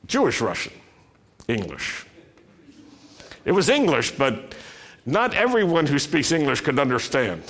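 A middle-aged man preaching a sermon to his congregation, asking rhetorical questions and telling family stories in a conversational way. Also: medium pitch. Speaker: pastor.

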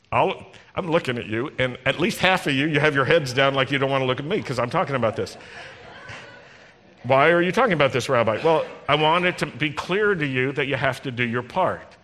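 A man's voice: mid-range voice, moderate pace, fairly bright tone. A man preaching as a rabbi, talking straight to the congregation in a conversational, teasing way, recorded in a congregation hall. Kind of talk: sermon. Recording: long reverb in a large hall.

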